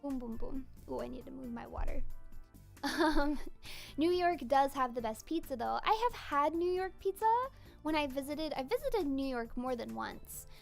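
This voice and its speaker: High-voiced giggly woman streamer. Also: animated, normal speed, vocal fry, faint music behind. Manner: chatty, giggly, lots of fillers. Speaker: streamer and virtual idol voice actor. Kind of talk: casual chat while drawing.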